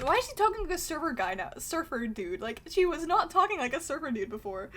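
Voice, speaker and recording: A woman streamer giving giggly, excitable let's-play commentary with mild swearing, game music behind. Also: sits high, quick pace, hardly any pauses, noisy background.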